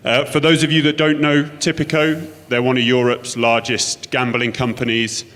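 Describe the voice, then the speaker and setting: A man opens a conference session with fluent, polished introductions. His voice is low but bright and forceful. The sound carries the long reverb of a large hall. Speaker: event host. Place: conference stage.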